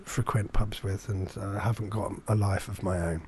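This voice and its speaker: A man's voice: lowish voice, fairly even intonation, darkish tone, slight background noise. Rambling, self-deprecating man telling a story. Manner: self-deprecating, halting with many fillers and restarts. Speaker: podcast guest storyteller. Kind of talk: casual chat, rambling anecdote.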